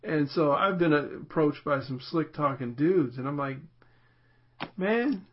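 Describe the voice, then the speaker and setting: A man's voice: a little high, moderate pace, husky. Easygoing male podcast co-host. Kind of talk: casual chat. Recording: dull lo-fi recording.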